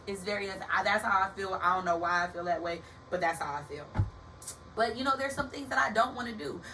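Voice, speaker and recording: Bright, lively young woman giving a pep talk. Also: mid-range voice, quick pace. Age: young adult. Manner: animated, preachy, talks to listeners as baby and y'all. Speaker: podcast host. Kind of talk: casual motivational talk. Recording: distant from the mic with faint background hiss.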